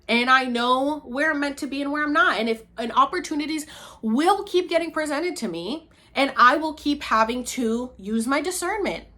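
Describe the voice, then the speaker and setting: In her casual talking-head vlog, a woman from Puerto Rico addresses the camera in a lively, chatty way. Her voice drops into low murmurs and jumps up in excited, high-pitched bursts.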